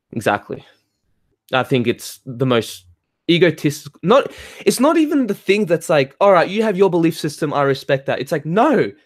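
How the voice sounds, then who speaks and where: A man's voice: a little high, dry recording. Ranting man, dry close sound. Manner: animated, swearing, ranting with laughs. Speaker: spiritual talk host reading chat. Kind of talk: heated casual monologue.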